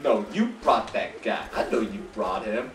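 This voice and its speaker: A man's voice: fairly low pitch, normal speed, fairly bright tone. A man chatting and joking while commentating a video game. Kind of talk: casual let's-play commentary. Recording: echoey room, mic at a distance, faint noise.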